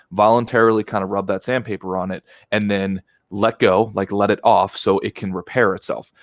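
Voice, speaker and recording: A man with a low, deep voice talks things through on a podcast, building his points with analogies. His voice is recorded close and dry, with no room around it. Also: no room sound. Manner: reflective, explains with analogies. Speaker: podcast guest. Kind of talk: casual podcast conversation.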